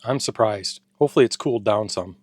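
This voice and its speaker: Talking fast in a lowish voice, a man reviews a ration pack over a little hiss or hum. He's a food reviewer doing a casual taste-test vlog in his home garage, excited about the food and at times chewing while he speaks.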